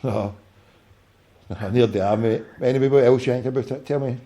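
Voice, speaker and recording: A man's voice: medium pitch, fairly quick, mellow. Sweary Scottish man hosting a phone-in. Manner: sweary, ranting, jokey with callers. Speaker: radio phone-in host. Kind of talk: casual sports phone-in.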